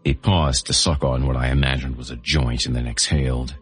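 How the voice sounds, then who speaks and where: A man with an extremely low, deep voice narrates a horror audiobook. His first-person delivery is gritty and menacing, and soft music plays under him. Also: steady tone, brisk. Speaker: host and narrator.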